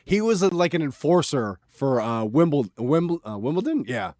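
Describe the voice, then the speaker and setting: A man co-hosting a casual podcast, his voice going a bit hoarse, telling a story with easygoing enthusiasm. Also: fairly high pitch, big pitch swings, moderate pace, darkish tone, no echo, clean studio sound. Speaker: podcast co-host. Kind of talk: casual chat.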